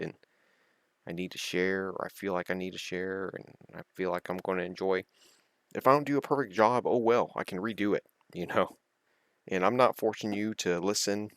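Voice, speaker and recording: A man's voice: low-pitched, fairly bright tone, no room sound, studio quality. A young man talking in a rambling, casual monologue, laughing often and drifting between topics. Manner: laughs often, digresses, chatty and earnest. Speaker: video creator.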